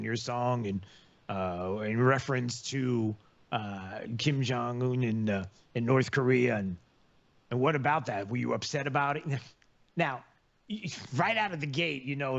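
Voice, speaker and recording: A man's voice: medium pitch, vocal fry, fairly bright tone. A man hosting a radio talk show, chatting casually and rambling with plenty of filler words. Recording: lo-fi radio broadcast.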